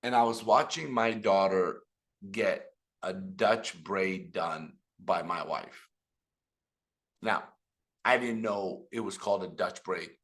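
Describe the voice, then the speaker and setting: A middle-aged man giving an animated motivational business talk on a video call, telling stories and speaking to the audience directly. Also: low voice, takes it slowly. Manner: animated storytelling with audience asides. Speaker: business trainer.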